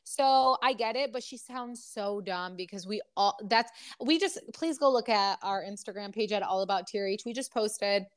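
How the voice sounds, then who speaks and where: A woman's voice: medium pitch, normal speed, few pauses, no echo, clean studio sound. A woman co-hosting a podcast, chatting casually about reality TV gossip in an emphatic, blunt way. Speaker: podcast co-host.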